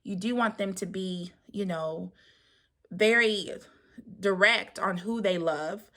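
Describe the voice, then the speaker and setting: A young woman talks through a reality show recap in a loose, chatty way, full of "um"s, "like"s and little sighs. Her voice sits at an ordinary middle pitch for a woman, easy and unforced. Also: slow pace, a bit bright. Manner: chatty, with many fillers and sighs. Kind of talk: casual spoken recap.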